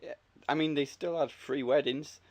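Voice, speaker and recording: A man co-hosting a wrestling podcast in casual chat, easygoing and quick with dry quips. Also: fairly high pitch, steady tone, background noise. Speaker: podcast co-host.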